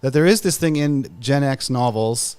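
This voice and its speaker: A man's voice: medium pitch, normal speed, a little mellow, clear, resonant tone. A man in his thirties hosting a book club livestream, rambling casually with lots of fillers. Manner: rambling, full of fillers and restarts. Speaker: book club podcast host.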